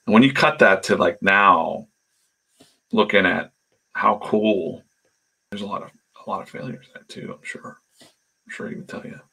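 A man's voice: lowish voice, moderate pace, gravelly, pauses often, sharp tone, slightly rough. A man, a comic artist, telling stories in a rambling, chatty way while he draws, often trailing off into mumbles. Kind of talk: casual storytelling while working.

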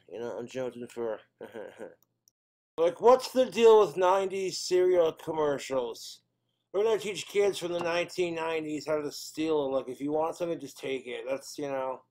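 A man's voice: a little high, moderate pace, a little mellow. A man doing stand-up comedy, rambling through crude jokes in a casual, off-the-cuff way.

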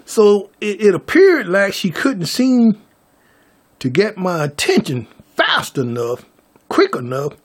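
A man's voice: high-pitched, very animated, slow pace. A man vlogging a story to his viewers, stammering through restarts and calling them y'all.

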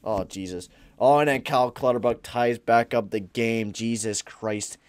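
A man giving casual commentary over a hockey video game, excitable and swinging from mumbling asides to shouting at big plays, into a close mic with a pop filter. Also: mid-range voice, unhurried, clear, resonant tone, no echo. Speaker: gaming YouTuber. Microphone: close headset or desk mic with pop filter.

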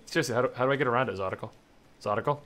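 A man casually commentating a video game, joking, excitable and often laughing. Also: medium pitch, rapid-fire. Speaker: gameplay commentator. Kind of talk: casual let's-play commentary.

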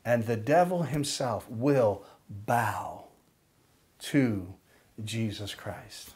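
Slow, deliberate older preacher man. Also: on the low side, darkish tone, breathy edge. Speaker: pastor. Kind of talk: sermon with prayer.

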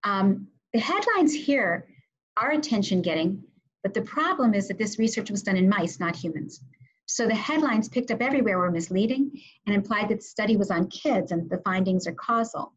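A woman presenting a media training webinar with slides, speaking in a measured, instructive way with frequent ums. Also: medium pitch, animated, husky, dull audio.

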